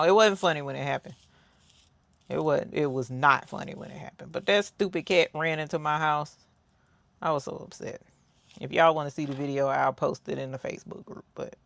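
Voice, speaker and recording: A woman's voice: low-pitched, gravelly, a bit bright, no echo. A woman hosting a crafting livestream, chatting casually with viewers, telling stories and reading out their comments. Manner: chatty storyteller, talks to viewers, reads out chat comments.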